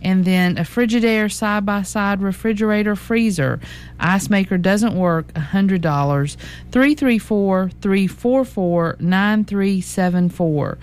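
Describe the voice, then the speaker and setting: A woman with a Southern US accent, co-hosting local radio, chatting casually and then slowly reading classified listings and phone numbers. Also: medium pitch, darkish tone, clear, resonant tone. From American South.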